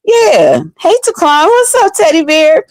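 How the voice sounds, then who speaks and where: A woman's voice: extremely high pitch, huge pitch swings, a little slow, no room sound. A woman talking to her viewers in blunt, profane, unfiltered casual commentary. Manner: blunt, profane, chatty, addresses viewers directly. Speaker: online commentary host.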